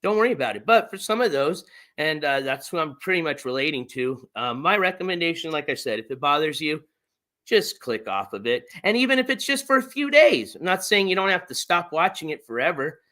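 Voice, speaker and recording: A man's voice: on the high side, very animated, brisk, sharp tone. A man hosting a casual livestream chat, laid-back and rambling, swearing now and then. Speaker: streamer.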